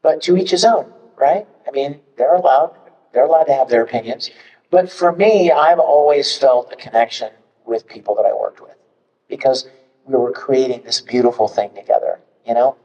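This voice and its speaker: A man talking on a convention panel, chatty and animated as he tells stories. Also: medium pitch. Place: large convention hall. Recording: echoey hall from far off, muffled.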